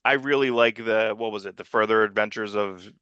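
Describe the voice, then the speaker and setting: A man co-hosting and producing a casual comics podcast, talking in a rambling, profane, animated way and putting on little voices when he quotes people. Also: on the low side, brisk, clear, resonant tone, no echo, muffled recording.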